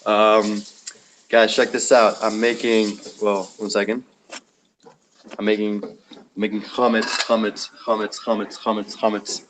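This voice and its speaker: A man's voice: fairly low pitch, little pitch movement, unhurried, fairly bright tone. A man talking casually on a group video call, rambling with lots of fillers and restarts. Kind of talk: casual off-the-cuff sharing. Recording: noisy video call audio.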